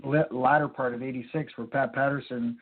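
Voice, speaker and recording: A man's voice: medium pitch, fairly even intonation, brisk. A man, a former wrestling referee from Canada, telling stories in a rambling way with many fillers in a phone interview. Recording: tinny phone line.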